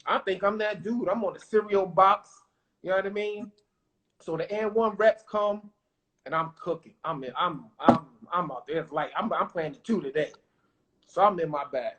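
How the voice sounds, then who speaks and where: A man, a former pro basketball player, telling lively stories as a podcast guest and acting out what people said. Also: high voice, normal speed. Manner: animated, acts out quotes, confident. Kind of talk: casual storytelling interview.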